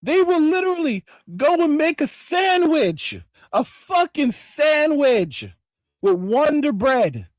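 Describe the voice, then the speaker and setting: A man's voice: very high-pitched, very animated, slow pace, no echo. A man hosting a late-night livestream, ranting with mock outrage, heavy swearing and emphatic repetition. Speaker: livestream host. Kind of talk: profane late-night rant.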